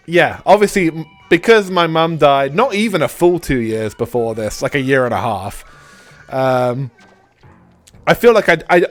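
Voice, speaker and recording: A man hosting a live game stream in casual, rambling chat, his voice hoarse and stuffy from a cold. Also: medium pitch. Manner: rambling, with restarts, swearing and laughs. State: stuffy nose after a cold.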